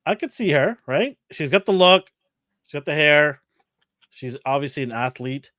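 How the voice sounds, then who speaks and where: A man's voice: on the high side, expressive, moderate pace, a bit bright, no echo, clean studio sound. A man co-hosting a casual chat show, rambling, repeating himself and laughing often. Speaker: co-host.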